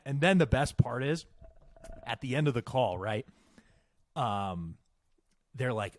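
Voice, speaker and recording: A man's voice: mid-range voice, moderate pace, dry recording, studio quality. A young man telling a story on a casual podcast, swearing often and growing exasperated as he goes on. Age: young adult. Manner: animated, swearing, exasperated ranting. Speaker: podcast co-host.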